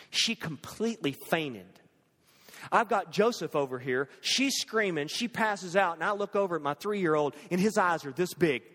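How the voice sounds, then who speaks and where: Brief: middle-aged male storyteller, high tenor voice, very lively delivery dropping to whispers, echoey hall. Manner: animated, swings from loud to hushed whispers. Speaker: speaker telling a personal story. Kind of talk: dramatic storytelling talk.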